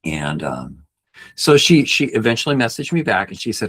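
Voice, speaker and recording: A man's voice: on the low side, big pitch swings, moderate pace, a bit bright, husky. A man working as a backpacking guide and coach, telling a personal story on a podcast in a rambling way, with many restarts and fillers.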